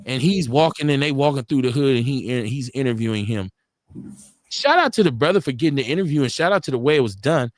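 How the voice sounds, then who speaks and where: A medium-pitched, expressive man talks fast while hosting a relaxed live-stream show, sharing street tales in coarse, blunt slang. He is a middle-aged radio host from Milwaukee. The sound is studio quality with no echo.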